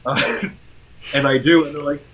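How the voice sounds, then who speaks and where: A man's voice: on the high side, unhurried, fairly bright tone, poor audio. A young man chatting casually on a live stream, telling rambling anecdotes with lots of fillers and self-deprecating laughs. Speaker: content creator on a group live stream. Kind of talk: casual chat.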